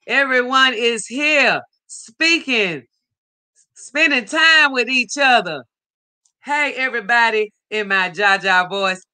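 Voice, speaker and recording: A woman's voice: on the high side, sharp tone. A woman hosting a live stream, upbeat as she greets viewers by name and reads their chat comments aloud. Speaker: livestream host.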